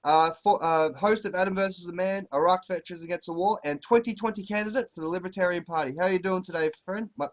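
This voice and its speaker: A man's voice: high-pitched, fast, hardly any pauses. An Australian man hosting an interview show, laid-back and slangy, stumbling a little over his words. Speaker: podcast host. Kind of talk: casual interview chat.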